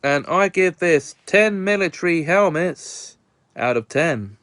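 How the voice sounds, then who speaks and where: A man's voice: a little high, expressive, slow, a bit bright, no echo, studio quality. A young British man reviewing a comedy film in a jokey, put-on Australian accent, sprinkling his talk with slang. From Britain. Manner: jokey, peppers speech with "bloody" and "mates". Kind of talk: casual review vlog.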